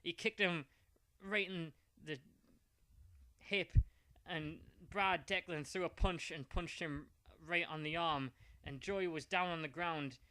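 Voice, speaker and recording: A man's voice: on the high side, fairly even intonation, slow, bright, forceful tone, a little hiss or hum. A man telling an improvised fan-fiction story in a rambling, playful way.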